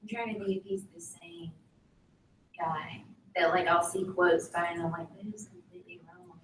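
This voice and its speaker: A woman's voice: lowish voice, fairly even intonation, moderate pace, a little hiss or hum, low-quality recording. A female student asking a hesitant, half-whispered question in class, heard faintly from across the room.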